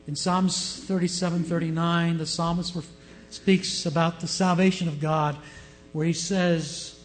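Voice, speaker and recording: A man's voice: fairly high pitch, fairly even intonation, measured pace, soft background music, rough recording. A male pastor preaching an emphatic sermon with a story.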